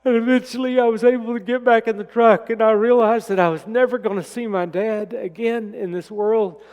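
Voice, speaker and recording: A middle-aged man with a drawl preaches a sermon, telling stories in a folksy way. His voice is high and smooth, and it drops to a hush when he is moved. The long reverb of a church sanctuary hangs behind every word. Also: steady tone, fairly quick. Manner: folksy, storytelling, drops to a hushed voice when emotional. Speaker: pastor.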